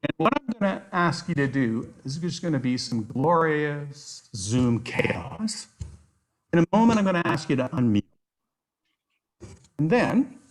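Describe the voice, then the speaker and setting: A man leading an online nature workshop with bright enthusiasm. His voice sits a touch high and moves through a lively range as he tells stories. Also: slight background noise. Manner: enthusiastic, animated storytelling. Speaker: outdoor educator, workshop presenter.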